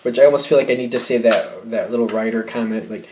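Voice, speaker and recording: A man's voice: medium pitch, quick pace, darkish tone, a little hiss or hum. Musing tarot-reading man in an echoey room. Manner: musing, hesitant, self-correcting, with light laughs. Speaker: tarot reader.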